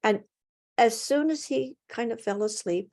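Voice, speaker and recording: A woman storyteller telling a folktale at an online story swap, expressive, with dramatic pauses and emphasis, heard over a video call. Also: on the high side.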